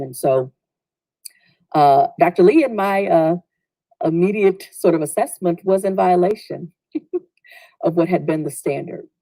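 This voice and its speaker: A woman's voice: low-pitched, mellow, dry recording, rough recording. A woman telling a personal story in a reflective way, sometimes acting out what others said. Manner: reflective, acts out quoted voices.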